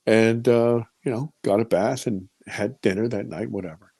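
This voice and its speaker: Man in his 50s, interview storyteller, gravelly, dry close sound, vivid and repetitive. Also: on the low side, a little fast, dark tone, dry recording. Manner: vivid storyteller who repeats words when caught up in the story. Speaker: interviewee recounting an encounter. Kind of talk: personal storytelling testimony.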